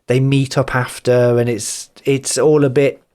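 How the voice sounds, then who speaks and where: Brief: male podcast co-host, mid-range voice, animated, teasing banter, does mocking impressions. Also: mid-range voice, a little slow. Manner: animated, mimics other people's voices for laughs. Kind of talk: casual chat.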